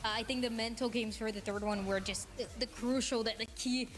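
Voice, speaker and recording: A woman analyzing an esports match in a measured way, often restarting her phrases. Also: fairly high pitch, fairly even intonation.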